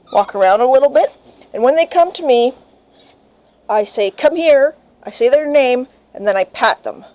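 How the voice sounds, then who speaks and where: Soft-voiced woman with a mellow tone. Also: low-quality recording. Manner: calm explaining, high sing-song praise to puppy. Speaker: dog breeder. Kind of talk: casual instructional vlog. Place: home kitchen, indoors. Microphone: handheld camera mic.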